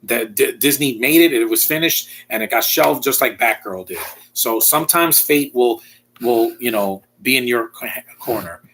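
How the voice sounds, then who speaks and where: A man's voice: medium pitch, moderate pace, fairly bright tone, a little hiss or hum. A man giving a casual spoken review as a YouTube channel host. He talks bluntly, rambles and often restarts his sentences.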